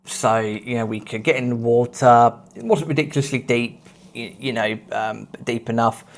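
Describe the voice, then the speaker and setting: Thirties male podcast host, casual anecdotal delivery, self-deprecating and animated. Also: medium pitch, moderate pace. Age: 30s. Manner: animated, self-mocking anecdote telling with swearing. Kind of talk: casual storytelling.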